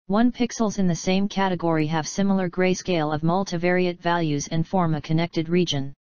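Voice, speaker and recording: A woman reading an academic paper aloud in an even, flat delivery, spelling out acronyms letter by letter. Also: on the low side, smooth, no echo. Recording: dull, slightly lo-fi dry recording.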